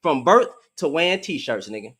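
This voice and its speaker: A man hosting a live stream call, ranting in exasperation and swinging between shouting and muttering. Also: a little high, big pitch swings, normal speed, slightly rough. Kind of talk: heated live stream rant.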